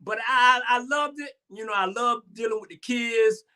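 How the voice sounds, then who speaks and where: A man in his sixties from Georgia with a Southern accent, hosting a talk show and chatting in a lively, boastful way. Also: very high voice, moderate pace. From Savannah, Georgia, US. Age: 60s. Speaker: host. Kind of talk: animated solo talk show monologue.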